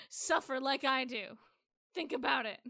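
A young woman with a high, bright voice trades wry quips with her co-host, swearing casually. The sound is close and dry. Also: slow, vocal fry, no room sound. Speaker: podcast co-host. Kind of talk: casual chat.

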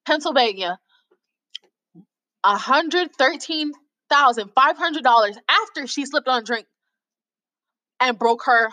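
A woman hosts a casual video, reading stories aloud and mocking them in an exasperated tone. Her voice sits high and swings widely in pitch. It has a bright edge. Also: rough recording. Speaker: host reading out lawsuit stories.

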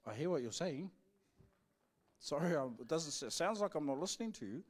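A man's voice: a little high, animated, a little fast. A man with a New Zealand accent preaching a live church sermon in a playful, cheeky way, acting out back-and-forth conversations. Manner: playful, cheeky, jokey with the congregation; acts out back-and-forth dialogues. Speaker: pastor. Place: church service.

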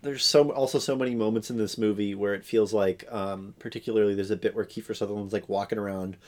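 A man's voice: on the low side, fairly even intonation, fast, a little mellow. A man co-hosting a podcast, chatting casually about a film with sarcastic, mock-dramatic asides. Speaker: podcast co-host. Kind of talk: casual movie review chat.

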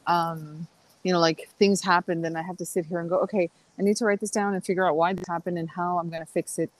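A woman's voice: fairly low pitch, flat delivery, fast, no echo, low-quality recording. A middle-aged woman chatting as a podcast guest, rambling through stories with fillers and restarts. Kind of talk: casual podcast conversation.

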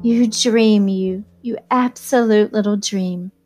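A woman reading aloud and voicing a doting young society wife in a crooning, drawn-out way. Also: medium pitch, steady tone, music in the background, lightly acted. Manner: crooning, breathy-sweet, drawn-out.

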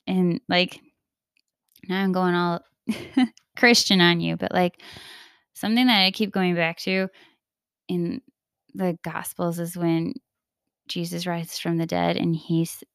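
Smooth-voiced woman musing earnestly. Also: fairly low pitch, steady tone, slow, pauses often, no echo, studio quality. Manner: earnest, confiding, fillers and restarts, acts out quoted voices. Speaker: podcast host. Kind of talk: casual reflective monologue.

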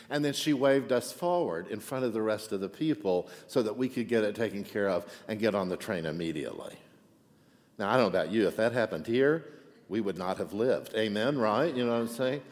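Guy preaching, chatty story sermon, keeps asking amen right, middle pitch, big hall reverb. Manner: chatty, asks for amens and "right?". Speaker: pastor.

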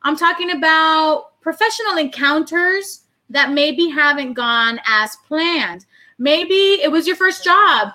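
Bright high-voiced young woman hosting. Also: lively intonation, slow. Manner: playful, swearing, tipsy banter. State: tipsy. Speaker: podcast host. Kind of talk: casual chat.

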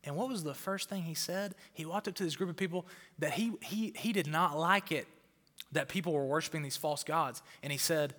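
A man's voice: a little high, fairly quick, fairly bright tone. A male pastor preaching a fired-up sermon to a crowd in a church auditorium, often repeating words for emphasis. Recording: long hall reverb.

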